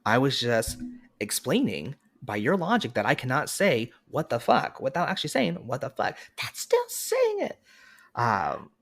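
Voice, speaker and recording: A young adult man appearing as a podcast guest, sharing animated, joking anecdotes in casual chat. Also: mid-range voice, moderate pace.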